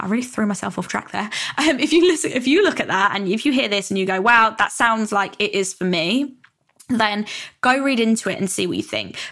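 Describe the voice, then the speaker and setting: A woman's voice: mid-range voice, fairly bright tone. A young British woman hosting a solo podcast, talking casually and rambling, with many fillers and self-corrections. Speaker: podcast host.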